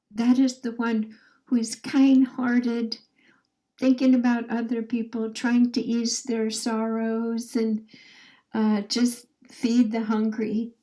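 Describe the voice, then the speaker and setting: A woman leading a guided meditation in a soft, drawn-out way, her phrases trailing off into whispers as she invites listeners to repeat affirmations after her. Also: a little high, little pitch movement, poor audio. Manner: leads call-and-response affirmations.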